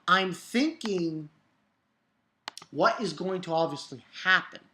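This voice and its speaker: A woman giving a casual spoken review of a manga chapter, excitable, swearing freely and restarting her sentences often. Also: fairly low pitch, slow pace, slight background noise.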